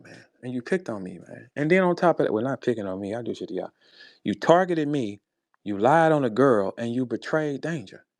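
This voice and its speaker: A man's voice: a little mellow, dry recording. Heated, blunt man from St. Louis. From St. Louis, USA. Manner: blunt, profane, swings between low grumbling and high-pitched outbursts. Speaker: rapper speaking in an audio chat room. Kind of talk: heated casual rant.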